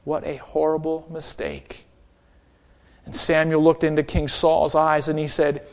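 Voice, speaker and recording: Un pastor de voz alta y aguda que predica un sermón con mucho énfasis. Alterna entre frases enérgicas y momentos más suaves, y pide a los oyentes que respondan "amén". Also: male voice, a little high, steady tone, unhurried, pauses often, a little mellow. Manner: emphatic, calls for amen. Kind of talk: sermon.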